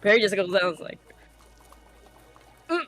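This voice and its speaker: Female player, lively pitch, slow and giggly delivery. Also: faint music behind. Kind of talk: playing a tabletop game.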